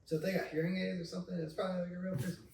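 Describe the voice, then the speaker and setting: A man casually pitching an AI receptionist, blunt, profane and confident. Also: level tone, racing, gravelly, a little mellow. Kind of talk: casual sales chat. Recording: roomy, distant mic, faint noise.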